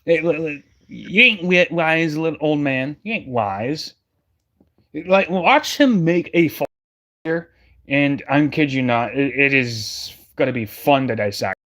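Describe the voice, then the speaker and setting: A man's voice: on the high side, lively intonation, measured pace, a bit bright. A man giving heated, scornful reaction commentary as a streamer, speaking straight to his viewers. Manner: emphatic, scornful, addresses the audience directly.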